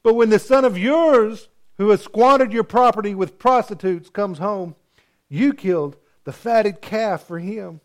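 Sulking grown brother, whiny and high-pitched, as a preacher puts him on. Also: male voice, measured pace.

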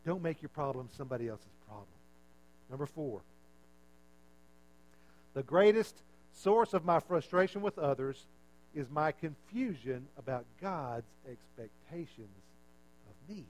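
A male pastor with a notably high voice delivers a sermon in an easy, conversational style. He teases the congregation and mocks himself, often dropping to a low, quiet aside for the punchline. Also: lively intonation, unhurried, pauses often. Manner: conversational, self-mocking, drops voice for punchlines.

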